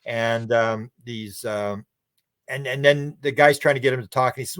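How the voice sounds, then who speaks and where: A man's voice: mid-range voice, level tone, normal speed, fairly bright tone, no echo, studio quality. A man who is a guest on a podcast. He tells stories in a rambling, casual way, restarts his words and acts out what other people said. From Canada. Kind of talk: casual conversational storytelling.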